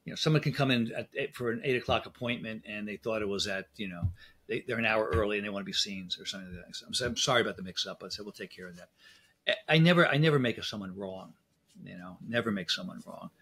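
Husky-voiced middle-aged man telling anecdotes. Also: on the low side, fast talker, a bit bright. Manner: anecdotal, speaks in quoted exchanges. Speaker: guest, dental implant specialist. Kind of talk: casual interview talk.

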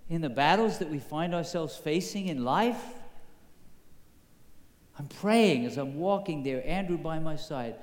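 A man preaching a sermon, telling a story slowly and building to emphatic high points. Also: animated. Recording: echoey hall with long reverb.

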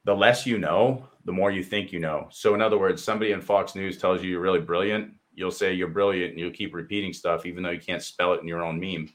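A man with a very deep, low voice talks bluntly and with real heat as a co-host. He swears freely and slips into mocking quoted asides to make his points. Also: fairly even intonation, fast, hardly any pauses. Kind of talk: heated casual discussion.

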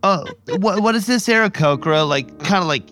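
A man's voice: high-pitched, animated, fairly quick, fairly bright tone, faint music behind. A man playing a tabletop game, talking casually and hesitantly with many fillers. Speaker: player.

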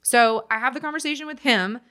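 A woman, telling a personal story as a podcast guest, candid and animated with many fillers. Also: on the high side, a little fast.

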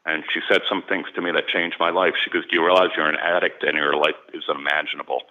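A man's voice: rumbling low, little pitch movement, fast, phone-quality sound. A man, a sports and celebrity agent, candidly recounting his own story as a guest in an interview, earnest and repeating words when moved.

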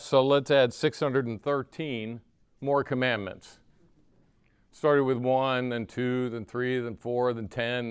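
An older man preaching a sermon, lively and conversational, often asking his listeners "right?" and briefly acting out voices he quotes. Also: medium pitch, clear, resonant tone, no room sound. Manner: animated, asks the audience "right?" often, acts out quoted voices. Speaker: pastor.

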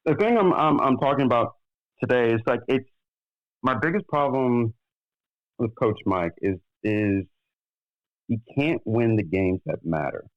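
A man's voice: mid-range voice, animated, measured pace, long pauses, no echo. A man calling in to a sports podcast, speaking with a hesitant start. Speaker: caller. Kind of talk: casual call-in chat. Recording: dull lo-fi call audio.

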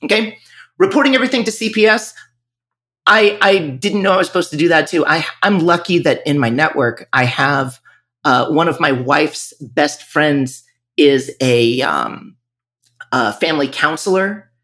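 A man's voice: a little high, unhurried, sharp tone. A man who owns a music school, speaking candidly and reflectively in a podcast interview, often restarting his sentences. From northern Virginia.

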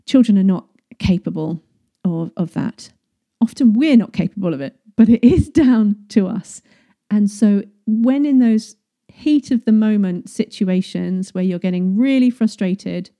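A woman in her thirties talks through parenting advice in a loose, chatty way, often laughing and restarting her phrases. Her voice is very dark and mellow. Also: medium pitch. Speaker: parenting coach. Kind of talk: casual advice talk.

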